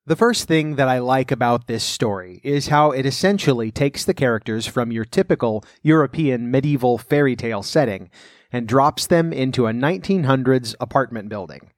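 A man reading a storybook aloud in a measured, even way, then adding his own commentary. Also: medium pitch, dry recording, studio quality.

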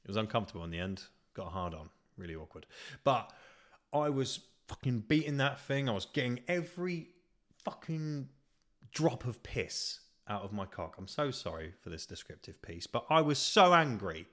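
A man's voice: fairly low pitch, sing-song, normal speed. A young man hosting a podcast, telling a comically petty story in a profane, ranting way. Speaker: podcast host. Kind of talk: casual storytelling monologue.

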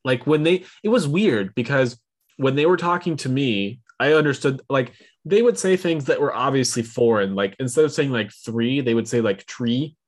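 A man co-hosting a podcast with a mid-pitched voice, neither high nor low for a man. He talks in a relaxed, meandering way, with lots of "like" and "um". The delivery is easygoing and chatty. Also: normal speed. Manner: relaxed, filler-heavy talk. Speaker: podcast co-host. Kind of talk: casual podcast chat.

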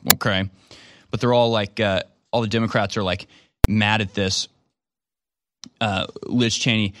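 A man's voice: fairly low pitch, fairly even intonation, normal speed, pauses often, a bit bright, dry recording, studio quality. A man hosting a political talk radio show, delivering a sarcastic monologue and mocking his opponents. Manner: sarcastic, mocks opponents in put-on quotes.

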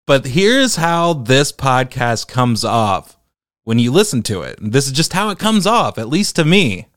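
A man hosting a commentary podcast, talking in an animated, incredulous way. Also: mid-range voice, unhurried, dry recording, clean studio sound. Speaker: podcast host.

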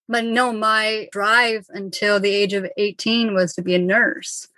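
A woman in her twenties from Ontario, speaking calmly and soothingly as an interview guest on a video call. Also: mid-range voice, dry recording. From Ontario, Canada. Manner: calm, soothing, measured. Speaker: guest, mindset coach.

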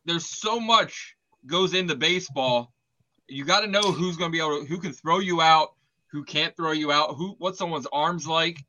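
A man's voice: fairly high pitch, moderate pace, bright, forceful tone, lo-fi sound. A man co-hosting a casual sports podcast, explaining the game and putting questions to his co-hosts. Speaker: podcast co-host.

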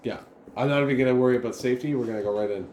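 A man's voice: mid-range voice, racing, a little mellow. A man playing a tabletop game, talking casually and brashly, swearing and calling out bold moves. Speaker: player. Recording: roomy echo, light background noise.

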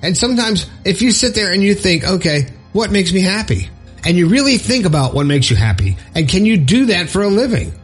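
A man's voice: high voice, big pitch swings, fairly quick, husky, soft background music. A man hosting his own podcast alone, chatty, upbeat and poking fun at himself. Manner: chatty, upbeat and self-deprecating. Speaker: podcast host. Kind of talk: solo podcast monologue.

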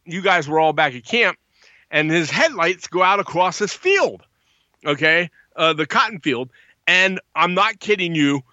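Animated man telling a campfire story. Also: on the high side, no echo, lo-fi sound. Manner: animated, acts out quotes in a raised voice. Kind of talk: casual storytelling.

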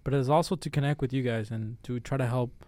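A man's voice: mid-range voice, fairly even intonation, fairly quick, warm tone, no echo. A man co-hosting a podcast in casual chat, loose and profane, given to joking. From Mexico. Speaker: podcast co-host.

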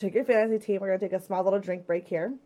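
A woman's voice: mid-range voice, fairly even intonation, rapid-fire, mellow, a little hiss or hum. A woman hosting a casual podcast from her home stream office, chatting with viewers in a playful, teasing way.

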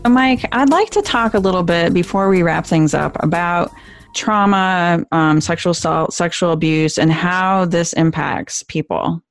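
A woman hosting a radio talk show, calm and affirming as she steers the interview. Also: on the low side, measured pace, soft background music.

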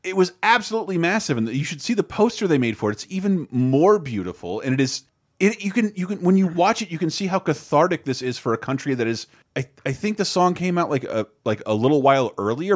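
A man's voice: medium pitch, animated, a little fast. A man co-hosting a podcast, talking with enthusiasm in casual chat and stammering on restarts. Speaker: podcast co-host.

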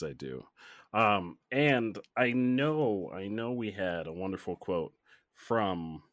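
Deadpan, low-voiced podcast joker. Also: male voice, no echo, clean studio sound. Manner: deadpan, tongue-in-cheek joking. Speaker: podcast co-host. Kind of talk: casual podcast chat.

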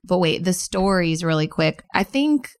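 A woman's voice: on the low side, normal speed, smooth. A woman in her thirties co-hosting a casual chat, telling family holiday stories and acting out the quotes. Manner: animated storyteller who acts out quotes. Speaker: podcast co-host.

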